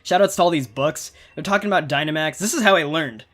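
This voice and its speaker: A man chats loosely over a playthrough, trailing off and circling back as he goes. His voice sits a touch higher than most men's. Faint game music plays softly behind him. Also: fast. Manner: rambling, chatty, self-interrupting. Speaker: gaming channel host. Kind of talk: casual gameplay commentary.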